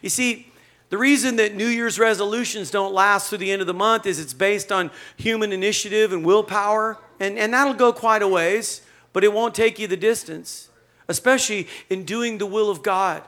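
A male pastor preaching a sermon in a conversational, animated storytelling manner. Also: sits high, moderate pace.

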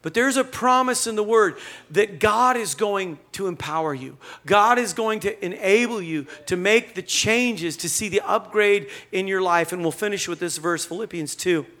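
Bright-voiced, animated male pastor preaching. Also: sits high, moderate pace. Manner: conversational, animated storytelling preaching. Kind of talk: sermon.

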